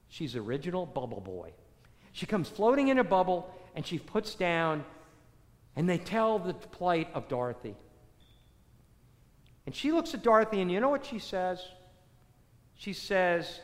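A man preaching a sermon in an animated way, asking rhetorical questions and repeating phrases for effect. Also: high voice, moderate pace, long pauses. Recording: echoey hall, long reverb.

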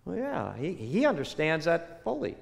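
An older man preaching a sermon, telling a personal story with animated swings between loud bursts and hushed, quiet lines. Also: fairly high pitch, moderate pace, creaky. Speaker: pastor. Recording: long reverb of a large hall.

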